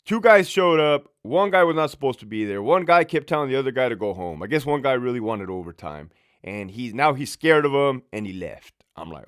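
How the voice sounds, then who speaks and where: A man, a former prison lieutenant, telling a work story in a casual, profane, animated way. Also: mid-range voice, a little fast, clear, resonant tone.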